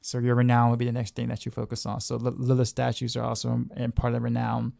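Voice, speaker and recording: A man's voice: mid-range voice, completely flat delivery, fast talker, gravelly, a little mellow, no echo, studio quality. A man casually commenting on his game as he streams, rambling and often restarting his sentences. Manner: rambling, repeats words, laughs easily. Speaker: game streamer and music teacher.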